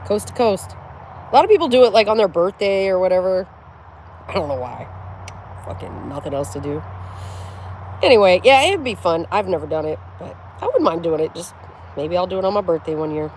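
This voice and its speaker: A woman's voice: on the low side, fairly quick, pauses often, a little hiss or hum. Laughing, profane middle-aged woman vlogger. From United States. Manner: laughing often, profane, animated storyteller. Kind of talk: casual storytelling chat to camera.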